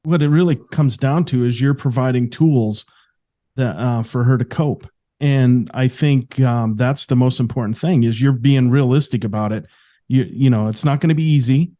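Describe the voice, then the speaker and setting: A man hosting an interview show, responding to his guest calmly and supportively. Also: medium pitch, moderate pace. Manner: calm, supportive, reflective. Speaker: podcast host. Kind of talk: casual interview talk.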